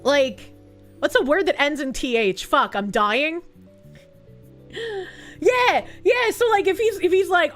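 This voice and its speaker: A woman streamer chats with her audience in a bright, high voice that swoops up and down. She swears freely and collapses into squealing giggles, with faint music playing underneath. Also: big pitch swings, measured pace, long pauses. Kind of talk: casual chat reading viewer comments.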